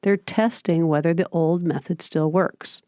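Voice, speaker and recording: A woman hosting a parenting podcast, giving scripted advice in a calm, steady, explanatory way. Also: on the low side, a little slow, no room sound, clean studio sound. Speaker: podcast host.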